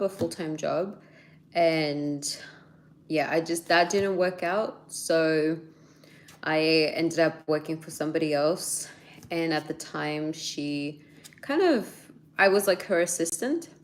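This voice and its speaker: A woman in her thirties with an Australian accent, chatting casually with viewers, laughing often as she answers their questions. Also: deep voice. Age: 30s. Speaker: YouTuber.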